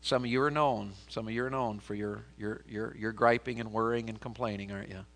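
A middle-aged man preaching a sermon, telling homespun stories and swinging from loud emphasis to quiet intensity. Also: lowish voice, steady tone, brisk, creaky. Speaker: pastor.

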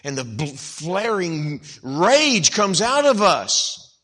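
Man preaching a sermon, bright forceful tone, dramatic loud-soft swings, church pulpit. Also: sits high, very animated, takes it slowly. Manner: dynamic swings from hushed to loud emphatic. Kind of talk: evangelical sermon.

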